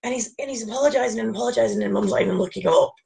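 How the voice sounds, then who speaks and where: A woman's voice: fairly high pitch, huge pitch swings, very fast, vocal fry, mellow, poor audio. A woman telling rambling anecdotes in casual chat, laughing often.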